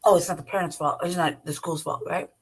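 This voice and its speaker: A woman with a lowish, steady voice talks fast over slight background noise. She hosts her own channel and delivers a blunt, profane commentary rant, laughing between points. She speaks straight to the listener, repeatedly asking "right?"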